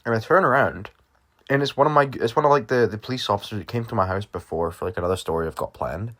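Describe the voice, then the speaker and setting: A young man with a slightly low voice tells a story to camera. His talk is loose and rambling, padded with fillers and casual swearing. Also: quick pace, fairly bright tone. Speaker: vlogger. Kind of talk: storytime vlog.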